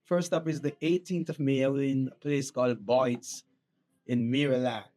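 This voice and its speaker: A man's voice: medium pitch, steady tone, a little slow, mellow. A man from Jamaica with a Jamaican accent, a reggae musician chatting casually as an interview guest, laid-back and often saying "you know what I mean".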